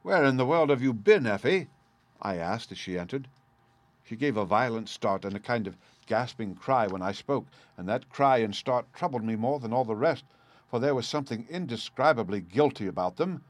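A man narrating a story in the first person, measured and earnest, in a dry close recording. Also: lowish voice, dry recording. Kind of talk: scripted audiobook narration.

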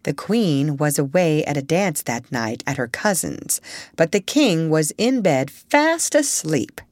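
Woman reading a kids story, lowish voice, lots of up and down, dry close sound. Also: big pitch swings, a little slow, darkish tone, no echo. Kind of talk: reading a children's story aloud.

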